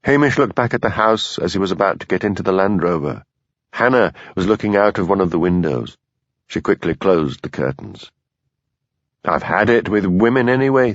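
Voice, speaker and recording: A male audiobook narrator reading in a measured, even way. His voice sits on the low side. The recording is dry and slightly lo-fi. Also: dry recording. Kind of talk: scripted narration.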